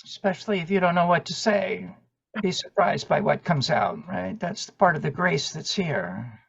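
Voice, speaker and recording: A man facilitating an online sharing circle, speaking softly and affirmingly. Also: fairly high pitch, lively intonation, moderate pace, gravelly, slightly rough, highs cut off. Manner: soft-spoken, affirming. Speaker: group facilitator.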